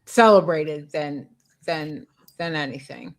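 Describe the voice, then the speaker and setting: A woman's voice: sits low, takes it slowly, poor audio. A woman hosting a radio conversation, speaking earnestly and often trailing off and restarting. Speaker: radio show host. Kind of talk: conversational interview talk.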